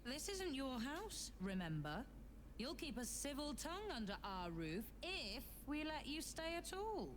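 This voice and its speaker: An actress playing a sharp-tongued, bossy young woman who scolds in a dry, emphatic way. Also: sits high, sing-song, unhurried, noisy background. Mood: scolding.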